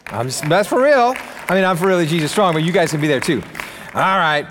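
A man's voice: on the high side, expressive, a little fast, a bit bright, some chatter behind, a little hiss or hum. A male pastor preaching a sermon to his congregation in an easygoing, enthusiastic way, joking with the room between points. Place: church sanctuary. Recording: long reverb of a large hall.

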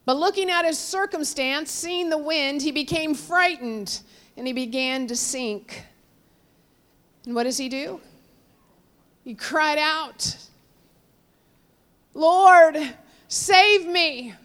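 A woman preaching a sermon, telling a story with sudden swings between raised cries and hushed, low passages. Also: slow, pauses often. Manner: storytelling, dramatic swings from loud cries to hushed near-whispers; quotes figures in raised voices, drops low and soft on God.

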